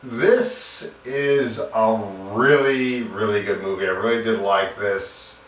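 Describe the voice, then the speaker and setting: A man's voice: fairly low pitch, steady tone, slow. A man giving a casual, rambling film review in an earnest manner. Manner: earnest, repetitive, loose and rambling. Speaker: movie reviewer. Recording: roomy echo, distant mic, faint hum.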